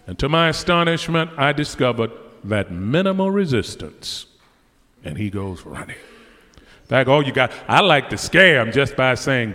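A man preaching a fervent sermon, swinging between loud exclamations and quiet asides. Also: a little high, very animated, moderate pace. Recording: long hall reverb.

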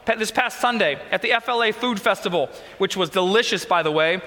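A man's voice: sits high, a little fast, bright, forceful tone, big-room sound. A man preaching a sermon as pastor, telling earnest, emotional stories with repeats and restarts. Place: church sanctuary.

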